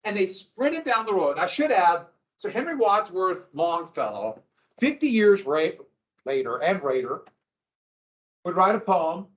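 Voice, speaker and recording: A man teaching a history class, lecturing in an animated way with asides and acted-out quotes. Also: high voice, a little slow. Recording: roomy, dull lo-fi classroom recording.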